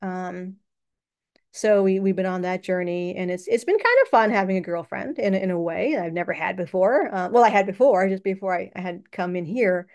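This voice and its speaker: A woman's voice: medium pitch, moderate pace, a little mellow. A woman hosting her own channel, talking in a casual, rambling personal monologue and laughing often. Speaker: channel host.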